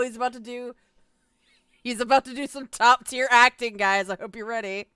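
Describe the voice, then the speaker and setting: A woman with a smooth, slightly high voice gives loose reaction commentary over a video. She is sarcastic and swears often, picking apart what she hears. The sound is close and dry. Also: fairly even intonation, moderate pace, sharp tone, no echo. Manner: sarcastic, swears a lot, mocking.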